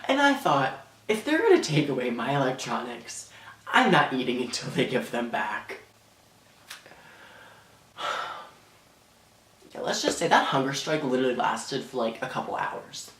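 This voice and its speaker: A man's voice: medium pitch, big pitch swings, a little slow, pauses often, a bit bright. A teenage boy telling a dramatic storytime in a rambling way, full of fillers. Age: teens. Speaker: vlogger. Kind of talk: storytime vlog. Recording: echoey room.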